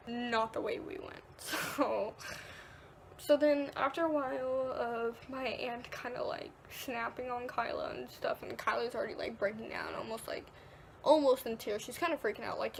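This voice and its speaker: A woman's voice: on the high side, a little slow, gravelly, a little hiss or hum. A teenage girl vlogging, casually telling a story, full of "like" and acted-out quotes. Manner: chatty, peppered with "like", acts out quotes.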